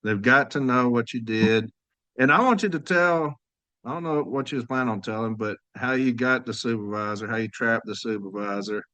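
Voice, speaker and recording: A man's voice: mid-range voice, moderate pace, sharp tone, no echo. A man hosting a podcast in a casual, chatty way, telling stories to his listeners and laughing easily. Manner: laid-back, laughing storyteller, addresses audience as y'all. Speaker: podcast host. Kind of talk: casual chat.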